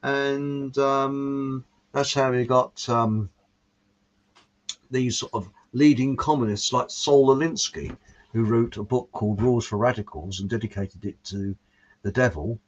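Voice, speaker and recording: Unhurried and steady in tone, a mid-range male voice belongs to a show host who reads out viewer comments in a rambling casual chat, chuckling at his own jokes. The recording is muffled and lo-fi.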